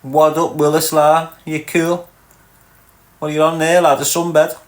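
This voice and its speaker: A Scouse man from Liverpool, England hosts a livestream in a voice on the high side, a little slow and with little pitch movement. He reads the chat, bantering crudely and teasing viewers, in an echoey room.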